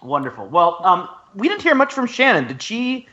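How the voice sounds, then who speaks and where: A man's voice: high-pitched, huge pitch swings, moderate pace, sharp tone, dull audio. A man co-hosting a podcast in casual chat, peppering his talk with "like" and "um". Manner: filler-heavy, with many "like"s. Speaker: podcast co-host.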